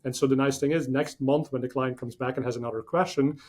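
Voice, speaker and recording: A man in a podcast interview talks through his ideas with eager, rambling energy. His pitch sits in a middle range, and he leans on fillers and quick restarts as his thoughts tumble out. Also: fairly even intonation, a little mellow. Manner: enthusiastic, rambling explanations with many fillers. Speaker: podcast guest. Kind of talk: conversational interview.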